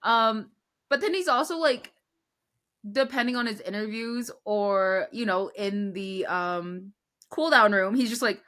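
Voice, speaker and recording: A young woman co-hosting a casual racing recap, expressive and animated as she talks. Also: medium pitch, unhurried. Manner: expressive, animated, mimics voices. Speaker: podcast co-host. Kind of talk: casual sports recap chat.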